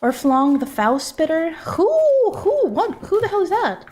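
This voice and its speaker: A woman's voice: high voice, very animated, measured pace, darkish tone. A woman game streamer chatting casually as she plays, reading out and answering viewer messages. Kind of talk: casual live-stream chat while playing.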